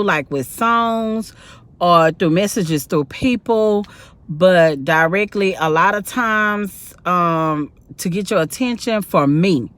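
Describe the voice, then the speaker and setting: A tired, sleepy woman, rambling casually to her viewers with lots of fillers. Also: medium pitch. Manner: rambling, chatty, many fillers. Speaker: vlogger. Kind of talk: casual talk to camera.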